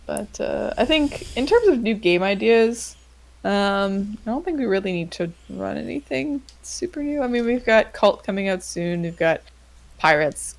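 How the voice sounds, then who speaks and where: A woman's voice: medium pitch, lively intonation, moderate pace, gravelly, a little hiss or hum. A woman hosting a casual podcast chat, rambling with lots of fillers and frequent laughter. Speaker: podcast host.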